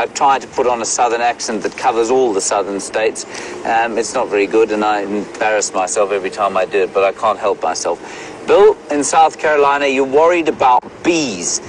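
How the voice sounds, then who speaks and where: A man's voice: mid-range voice, poor audio. A middle-aged man with a mid-range voice answers viewer questions live from the bush. He talks as a safari guide, and his manner is chatty, wry and wordy. A faint outdoor hum runs behind him.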